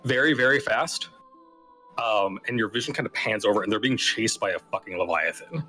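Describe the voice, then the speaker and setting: A man's voice: fairly low pitch, fast, bright, forceful tone, faint music behind, low-quality recording. A man narrating as game master of a tabletop game, in a casual way with lots of fillers and restarts.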